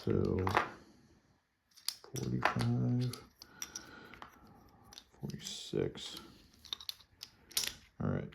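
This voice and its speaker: A man playing a board game at home, calmly talking through his turn and counting his units and money aloud. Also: mid-range voice, extremely slow, creaky, long pauses, very noisy. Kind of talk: casual solo board game playthrough.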